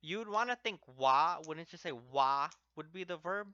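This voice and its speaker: A man's voice: fairly high pitch, expressive, unhurried, pushed and bright, no room sound. A man teaching a language lesson step by step, patiently repeating each example word twice as he explains. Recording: dry, slightly dull lo-fi recording.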